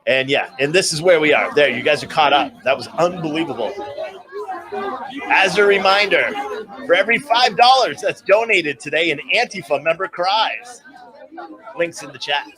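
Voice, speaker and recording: A man speaks to his live-stream viewers in a voice that sits a little high for a man. His commentary is sarcastic and ranting as he recaps events for them. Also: expressive, moderate pace, crowd noise. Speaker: livestream commentator.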